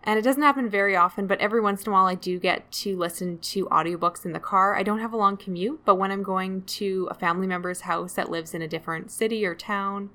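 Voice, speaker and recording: A woman co-hosts a casual book podcast. Her tone is bright and forward, middle-pitched, and she chats in a self-deprecating way, laughing easily as she goes. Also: fast talker, hardly any pauses. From Canada. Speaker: podcast co-host.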